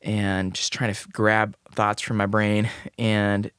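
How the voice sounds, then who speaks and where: A man's voice: on the low side, completely flat delivery, slow pace, fairly bright tone, clear, resonant tone, no room sound, clean studio sound. A young man from Des Moines, a singer-songwriter guest on a podcast, telling a rambling anecdote with quoted dialogue. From Des Moines, Iowa. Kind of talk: casual storytelling interview.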